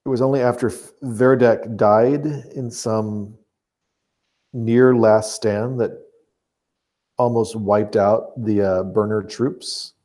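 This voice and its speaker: A man narrating as game master of a tabletop game, measured and dotted with fillers. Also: on the low side, fairly even intonation, mellow.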